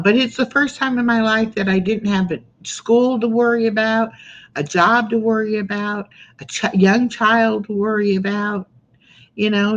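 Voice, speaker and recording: A woman's voice: lowish voice, muffled recording. A woman in her sixties, hosting a casual live-stream chat, talking in a rambling way with lots of "you know" and "um". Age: 60s. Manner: chatty, rambling with many fillers. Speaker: livestream host.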